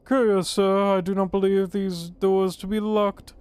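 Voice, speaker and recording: A man's voice: sits high, flat delivery, measured pace, a little mellow, smooth, voice pushed up. A man voicing a stiff, formal landlord who talks in old-fashioned thee-and-thou phrasing.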